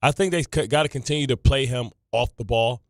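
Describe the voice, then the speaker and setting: A sports radio co-host breaks down the game in a studio, animated and full of casual slang. He is a man with a mid-range voice, and the sound is dry and close. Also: medium pitch, brisk, dry recording.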